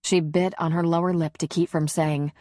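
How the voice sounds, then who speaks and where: A woman narrating an audiobook in a calm, even, intimate reading. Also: on the low side, moderate pace, no echo, clean studio sound. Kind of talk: scripted narration.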